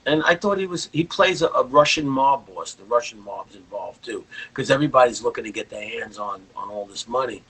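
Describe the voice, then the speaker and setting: Husky older man telling rambling stories. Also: medium pitch, expressive, brisk, few pauses, bright, forceful tone, poor audio. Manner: rambling, anecdotal storytelling. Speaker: guest rock guitarist. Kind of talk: casual interview chat.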